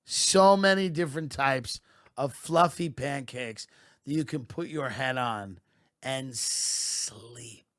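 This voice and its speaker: Slow deadpan comic man, dry sound. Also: mid-range voice, no echo. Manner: deadpan mock-patriotic delivery, building to loud rants. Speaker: comedian podcast host. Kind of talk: satirical comic monologue.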